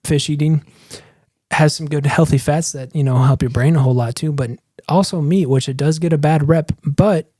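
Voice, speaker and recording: A man co-hosting a sports podcast in casual chat, talking fast and emphatically, with frequent restarts. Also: fairly high pitch, steady tone, dark tone, no room sound, clean studio sound. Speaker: podcast co-host.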